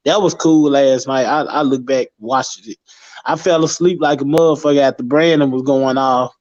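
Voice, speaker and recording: A man chatting casually as a guest on a live stream, loose and profane, with animated street talk. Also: mid-range voice, moderate pace. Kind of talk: casual chat. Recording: dull lo-fi stream audio.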